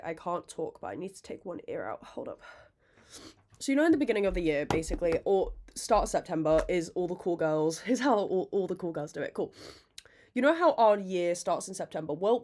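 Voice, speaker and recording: A young woman hosting a casual podcast, rambling, self-mocking and quick to laugh, swearing freely. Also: medium pitch, darkish tone. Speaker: podcast host. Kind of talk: casual chat.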